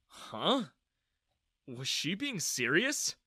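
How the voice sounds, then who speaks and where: A man narrating a first-person story in a dramatic, expressive way. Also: fairly high pitch, moderate pace, no room sound, clean studio sound.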